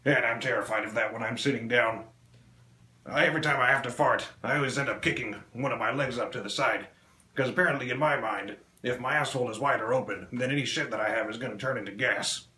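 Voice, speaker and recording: A man performs a crude stand-up set, firing off deadpan one-liners. His voice is bright and forceful at an ordinary pitch. The sound is roomy and echoey, with a faint ambient hum behind him. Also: quick pace, a faint crowd. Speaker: stand-up comedian. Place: small club stage.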